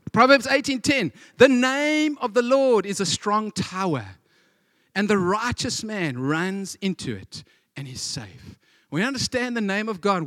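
A man preaching with a high voice. His delivery is animated, and he acts out stories and quotes. The sound is dry and close. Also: no echo. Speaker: pastor. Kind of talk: sermon.

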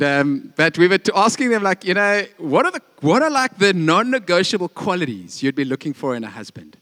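Middle-aged male pastor, slightly high voice, loose chatty sermon full of ums and jokes. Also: sharp tone. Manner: conversational, joking, with many fillers and restarts.

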